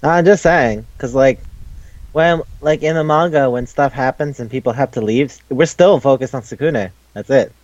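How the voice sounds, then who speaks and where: A man co-hosting a casual chat show, talking quickly, swearing and acting out characters in high squeaky voices. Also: a little mellow, no echo, highs cut off. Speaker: podcast co-host.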